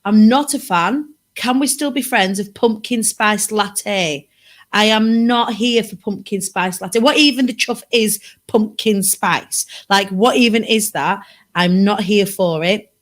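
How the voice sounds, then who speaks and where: A woman's voice: mid-range voice, measured pace. A woman from Britain hosting a casual livestream from her sofa, bubbly and chatty with rambling asides. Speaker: livestream host. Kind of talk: casual live chat. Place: home sofa.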